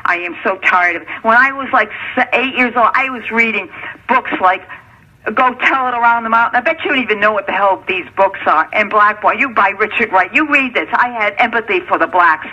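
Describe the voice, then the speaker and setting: A woman's voice: mid-range voice, a little fast, sharp tone. A middle-aged woman leaving an angry, profane voicemail, ranting and repeating herself. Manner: furious, profane, repetitive ranting. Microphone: telephone. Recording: lo-fi phone voicemail.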